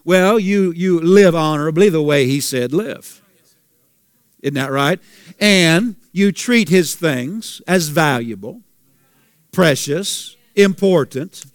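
A man's voice: on the high side, slow pace, no room sound. A male pastor preaching a sermon, asking the congregation questions and repeating phrases for emphasis.

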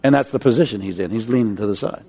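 A middle-aged male pastor preaching a sermon, telling a story and then leading a fervent, drawn-out prayer. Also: fairly low pitch, warm tone, slightly rough.

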